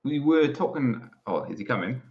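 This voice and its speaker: A man's voice: mid-range voice, expressive, moderate pace. A man co-hosting a podcast, joking and teasing casually. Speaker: podcast co-host. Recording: dull lo-fi mic.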